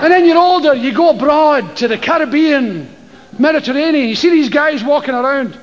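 A man's voice: very high voice, lively intonation, fairly quick. An older Scottish man doing stand-up, telling a profane story and acting out voices and screams. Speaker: stand-up comedian. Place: live comedy venue with an audience. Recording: lo-fi live show with crowd and noise.

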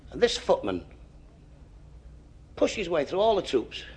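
A man doing stand-up, firing off quick one-liner jokes. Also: a little high, big pitch swings. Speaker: stand-up comedian. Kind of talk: stand-up joke telling. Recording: live club with faint crowd.

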